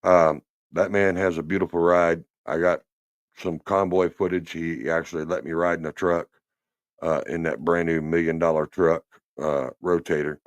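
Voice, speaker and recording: A man's voice: low voice, fairly even intonation, normal speed, no echo. A man hosting a trucking talk show, rambling and teasing in casual chat from his truck cab. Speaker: trucking podcast host. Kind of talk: casual chat while driving.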